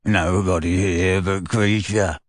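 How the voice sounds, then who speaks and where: A man's voice: low-pitched, fairly even intonation, no echo, studio quality, pitched below the performer's own voice. Kreacher, a man doing a wheezy gloating elf. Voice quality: wheezy cackling. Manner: slow, sly and gloating. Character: old male house elf, spiteful, gleeful. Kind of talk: reading a novel aloud.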